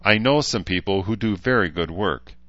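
A man's voice: deep voice, moderate pace, fairly bright tone, no echo, voice pushed up. Guy doing a stern cold mom, clipped and disapproving, kinda muffled and dry. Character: stern, coldly professional mother.

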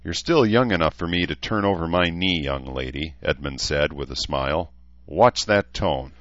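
Dry-humored fatherly camp leader, read by a deep-voiced man. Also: expressive, normal speed, fairly bright tone, no room sound. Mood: teasing. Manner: dry, joking. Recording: dry, slightly dull recording.

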